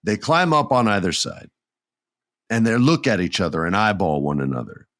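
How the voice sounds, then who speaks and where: Lively man retelling wrestling moments. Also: on the low side, normal speed, dry recording, studio quality. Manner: animated storytelling with character voices. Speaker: podcast host. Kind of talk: casual wrestling commentary.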